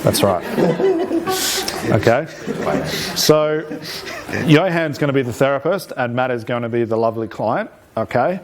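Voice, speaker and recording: A man teaching a live hypnosis workshop to a room, energetic and often checking in with "okay?". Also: mid-range voice, a little slow, pauses often, a little hiss or hum. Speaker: hypnosis trainer. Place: training room with an audience.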